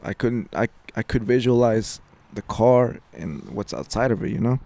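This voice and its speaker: A man's voice: mid-range voice, normal speed, gravelly, warm tone. A young man casually telling a spooky story on a podcast, slangy and profane, tossing in "fool" every few words. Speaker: podcast co-host.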